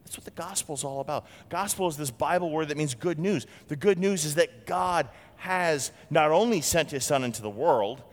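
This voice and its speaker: A man preaching a sermon as pastor, lively and expressive, acting out quoted voices. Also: moderate pace, hardly any pauses, long reverb tail. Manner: animated, acts out quotes with big swings in pitch.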